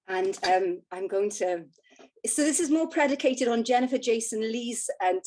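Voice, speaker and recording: A woman poet speaking over a video call, introducing her poems in a halting way before reading each one in a measured, deliberate voice. Her pitch sits in the middle range. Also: a little mellow. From Wales. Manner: hesitant intros with many fillers, measured recitation. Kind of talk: poetry reading.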